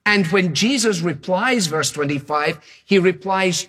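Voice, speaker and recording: Guy preaching a sermon, kinda husky, pitched a bit high, hammers the same line over and over. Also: animated, measured pace, fairly bright tone, big-room sound. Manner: emphatic, repetitive, building phrases.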